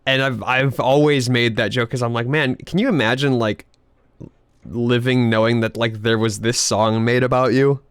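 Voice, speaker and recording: While playing a video game live, a man chats in a loose, rambling fashion, laughing frequently and swearing without restraint. His mid-range voice has a clean tone and fairly even intonation at a moderate pace, in a dry recording with clean studio sound.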